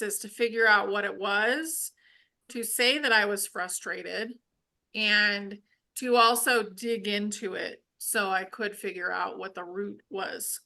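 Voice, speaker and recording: A woman's voice: mid-range voice, sharp tone. A woman co-hosting a casual spiritual chat, talking earnestly and candidly about her own experience. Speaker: spiritual healing podcast co-host.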